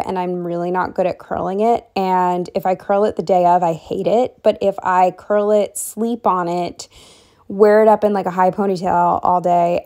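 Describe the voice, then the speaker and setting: Young woman, planner vlogger, mellow and chatty, slightly breathless. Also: mid-range voice. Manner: chatty, rambling, lots of fillers. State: short of breath. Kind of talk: casual planner walkthrough voice-over.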